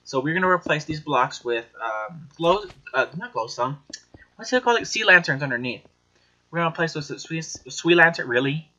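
A man thinks out loud while building in a game, bursting into excited, giggly, profane chatter. His voice sits a touch high and sounds bright and edgy. The audio is dull and lo-fi. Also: fairly quick. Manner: excitable, giggly and foul-mouthed. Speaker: gaming channel host. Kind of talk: casual gameplay commentary.

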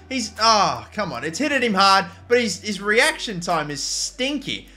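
A young man commentating his own football video game match, joking casually and bursting into shouts at goals. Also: high voice, a little slow, few pauses. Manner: excitable, jokey, jumps to shouts at goals. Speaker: gaming YouTuber.

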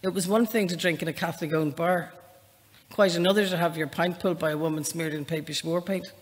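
Her voice sits on the low side, with a faint northern Irish lilt that fades into a long hall reverb in a public library event space. As the author at this live event, she makes self-deprecating small talk, then reads aloud from her novel evenly and steadily.

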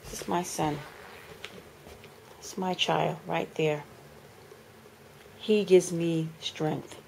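A woman, ranting to camera as a mother, indignant and repeating phrases for emphasis, swinging between loud outbursts and low, weary lines. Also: fairly even intonation, extremely slow, creaky, slight background noise, low-quality recording. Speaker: mother making a video complaint. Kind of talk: emotional rant to camera.

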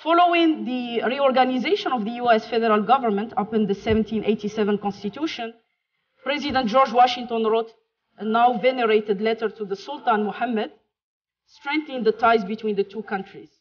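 A woman from Morocco with a French-tinged accent, giving a chatty, joking keynote talk over slides, with some fillers. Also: fairly high pitch. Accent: Moroccan French-accented English. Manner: chatty, jokey, pauses with fillers. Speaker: keynote speaker. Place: lecture hall. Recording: muffled lo-fi talk recording.

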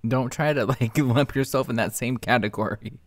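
Reaction host, man, sarcastic and blunt, mid-pitched, dry close sound. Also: moderate pace, no echo. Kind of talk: reaction commentary.

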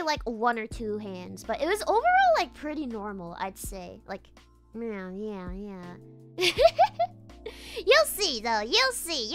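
This woman hosts a palm reading stream in a high, bright voice that swings widely in pitch. She talks in an unhurried way, fumbling through fillers and restarts. Nervous giggles and squeals keep breaking in. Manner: rambling with many fillers and restarts. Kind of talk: casual livestream chat.

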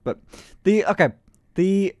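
A man's voice: sits high, animated, takes it slowly, a little mellow, soft background music. A young man streaming live in casual chat, swearing freely, laughing often and testing out voices. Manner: swears freely, laughs a lot, playful voice experiments.

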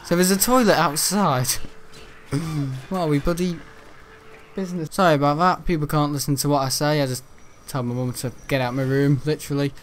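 A young British man gives casual gaming commentary from his bedroom, his voice sitting a little high. He rambles and jokes, swears freely and laughs often. A faint hiss sits under the desk-mic sound. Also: steady tone, fairly quick. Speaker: gaming video host. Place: bedroom at home.

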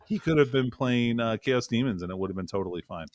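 A man's voice: medium pitch, fast talker, darkish tone, no room sound. Dry-sounding man, wry podcast co-host. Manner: sarcastic, wry. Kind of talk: casual chat.

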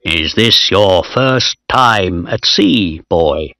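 A man voicing a strict, stern male ship captain who gives slow, deliberate orders in a low voice. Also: expressive, sharp tone, no echo, clean studio sound, exaggerated voice. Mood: commanding.

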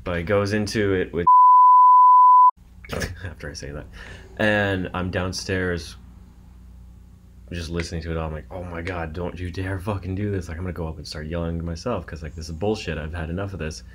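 A man's voice: sits low, steady tone, moderate pace, long pauses, very noisy. A man playing a video game with a friend, telling stories and swearing casually as he plays. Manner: swears a lot, tells stories while playing. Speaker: gaming co-host. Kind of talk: casual let's-play banter.

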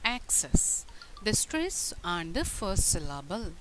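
A woman giving a scripted pronunciation lesson, saying each word slowly and deliberately. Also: mid-range voice, very animated, background noise. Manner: slow, deliberate word-by-word delivery. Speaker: pronunciation tutor.

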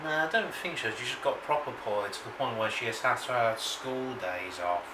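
Mężczyzna z angielskim akcentem powoli i chaotycznie opowiada w vlogu, z daleka od mikrofonu, w pogłosowym pokoju z szumem tła. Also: male voice, mid-range voice. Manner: slow, meandering, talks to himself. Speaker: vlogger. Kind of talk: casual rambling monologue. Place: room at home. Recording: echoey room, distant mic, background noise.

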